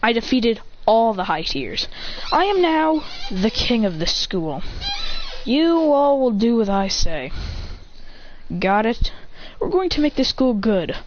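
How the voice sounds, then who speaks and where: A cocky, bored teenage schoolboy fighter, put on by a woman telling a homemade story, tossing out smug, offhand taunts in a fairly high voice. The recording is a little muffled, with a faint hiss behind it. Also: big pitch swings, slow. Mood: commanding.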